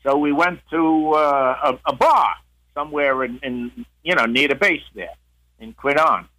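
A man's voice: on the high side, unhurried, bright, forceful tone, low-quality recording. An older man, a guest on the show, telling a long story in a casual way, with many restarts and acted-out quotes.

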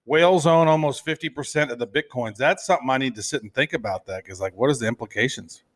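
A man's voice: mid-range voice, fast talker. A man co-hosting a crypto show, chatting casually in a rambling, playful way. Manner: rambling, full of fillers and restarts, playful. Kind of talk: casual chat.

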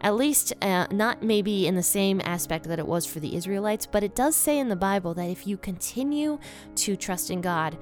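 A woman casually reading and explaining a Bible passage in a chatty, relaxed way, her voice slightly worn. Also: mid-range voice, moderate pace, soft background music. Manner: chatty and relaxed, with light chuckles and asides. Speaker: Bible study teacher.

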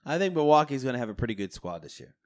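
A man's voice: mid-range voice, very fast, dry recording, clean studio sound. A man co-hosting a casual sports podcast, joking and swearing as he argues his points. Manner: joking, animated, swears freely. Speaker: podcast co-host.

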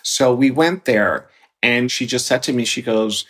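Man, 40s, candid personal storyteller, mid-pitched, open and expressive. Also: unhurried. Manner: candid, expressive, animated when quoting himself. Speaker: guest storyteller.

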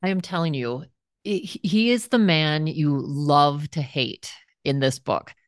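A woman's voice: deep voice, unhurried, no echo, clean studio sound. A woman hosting a podcast interview, asking earnest, reflective questions. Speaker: podcast host.

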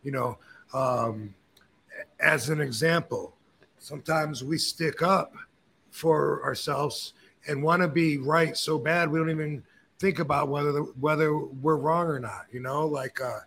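A man hosting a podcast, telling stories and opinions in a casual, animated way, with frequent swearing. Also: a little high, measured pace, creaky, slight background noise. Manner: animated, profane storyteller. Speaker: podcast host. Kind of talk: casual chat.

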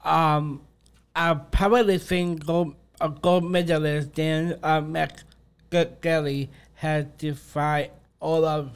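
A man's voice: fairly high pitch, flat delivery, takes it slowly, smooth. A young adult man co-hosting a casual show with his father, giving short, cheerful replies. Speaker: podcast co-host and son. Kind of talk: casual chat.

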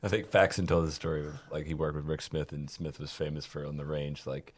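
A man's voice: very deep voice, flat delivery, a little fast. A man co-hosting a casual podcast, chiming in with facts and correcting himself plainly. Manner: corrects facts, matter-of-fact. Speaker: podcast co-host.

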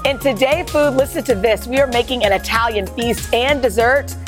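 A woman co-host teases what is coming up next in lively studio chat. Her voice is fairly high, and music plays clearly behind her. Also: normal speed. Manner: lively, enthusiastic banter. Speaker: morning show co-host.

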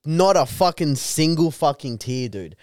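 A man's voice: fairly high pitch, expressive, measured pace, a little mellow, no echo, clean studio sound. A young man co-hosting a podcast, talking bluntly and with constant swearing in casual banter. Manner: profane, blunt, reflective. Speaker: podcast co-host.

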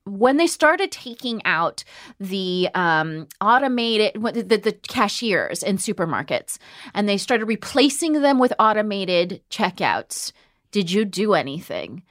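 A woman hosts a casual podcast discussion at a middle pitch. Her delivery is impassioned and rambling, full of fillers and the odd swear. The sound is dry and close. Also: sing-song, measured pace, fairly bright tone, no echo. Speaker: podcast host. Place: New York.

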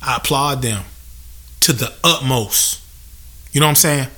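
A man's voice: mid-range voice, a little slow, bright, forceful tone. A young man hosting a podcast, venting in a profane, emphatic comedic rant and mimicking customers. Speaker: podcast host.

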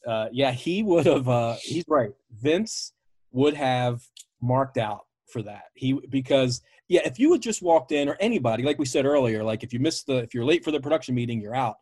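Male podcast host, husky, relaxed interviewer. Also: mid-range voice, normal speed, no echo. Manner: agreeable, reflective, fills with uh. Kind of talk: casual interview chat.

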